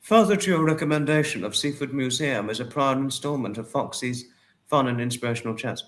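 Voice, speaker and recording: A man's voice: mid-range voice, a little fast, a bit bright. Effusive man hosting a livestream. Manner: effusive, greets and thanks viewers by name, with many apologies. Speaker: livestream host. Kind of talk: casual livestream chat reading viewer comments.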